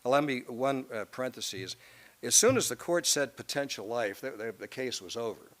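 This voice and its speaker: A man's voice: mid-range voice, animated, moderate pace, a bit bright. A male law professor giving a lecture to a room, reading from a court opinion and breaking off into asides full of hesitations and restarts.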